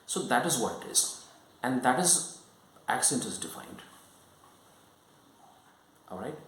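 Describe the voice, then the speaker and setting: A man giving a lesson, explaining slowly and often checking whether the listener follows. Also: medium pitch, big pitch swings, fairly bright tone, echoey room, poor audio. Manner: repetitive, checks understanding often. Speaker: English teacher.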